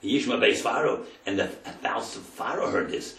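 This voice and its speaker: A man's voice: on the low side, expressive, normal speed, hardly any pauses, a bit bright. Rabbi guy teaching torah, acts out the story line by line, sounds far off and echoey. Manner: dramatic storyteller, translating verse by verse. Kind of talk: Torah lesson retelling scripture. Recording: roomy sound from a distant mic.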